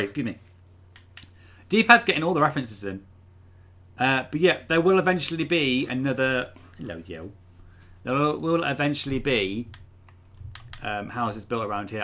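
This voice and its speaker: A man's voice: medium pitch, sharp tone, a little hiss or hum. A man hosting a live stream, chatting casually from home and rambling with lots of ums and uhs. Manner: rambling, filler-heavy, chatty. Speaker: livestream host. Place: room at home.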